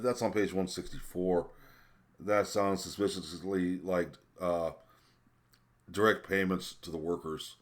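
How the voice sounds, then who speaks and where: Man, very deep voice, indignant rant, swearing, halting delivery. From American. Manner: indignant, swearing, frequent stumbles and fillers. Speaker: vlogger. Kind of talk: ranting commentary.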